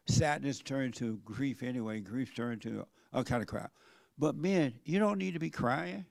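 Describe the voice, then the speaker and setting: A man's voice: mid-range voice, vocal fry, no room sound. An older man preaching a sermon in a plain-spoken, folksy way, asking his listeners questions. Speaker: pastor.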